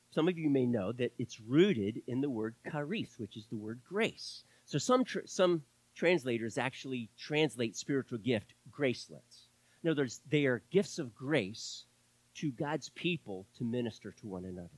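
A male pastor preaching a sermon, impassioned, swinging from loud declarations to hushed asides and calling out to his congregation. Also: medium pitch, dry recording, poor audio.

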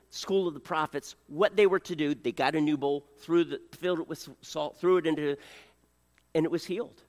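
A man preaching a sermon, animated and joking, acting out voices and coughing now and then. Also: fairly high pitch, long reverb tail. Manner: animated, acts out voices, jokes with the congregation. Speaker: pastor.

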